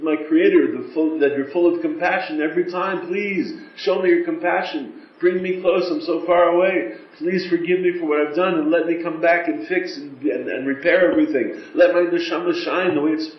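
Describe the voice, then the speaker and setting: A middle-aged man teaching a class on prayer, speaking earnestly and acting out pleading prayers. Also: medium pitch. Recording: roomy, dull lo-fi class recording.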